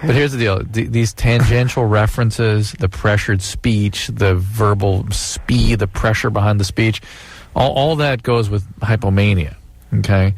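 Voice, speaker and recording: A man acting as the doctor co-host of a call-in radio show, giving calm, clinical explanations. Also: lowish voice, a little slow, no room sound.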